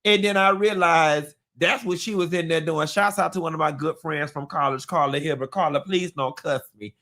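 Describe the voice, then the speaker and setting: A man hosting a live gossip talk show, sassy and animated, with sudden squealing jumps in pitch. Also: normal speed. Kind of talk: live-stream gossip commentary.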